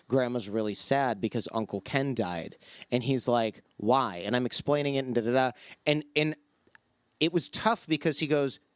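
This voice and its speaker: A man's voice: medium pitch, moderate pace, smooth, no room sound. Man in his 40s spinning stories on a podcast, dry close mic, does little voices for everyone. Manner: storytelling, acts out quoted voices. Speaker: podcast guest. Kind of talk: casual chat.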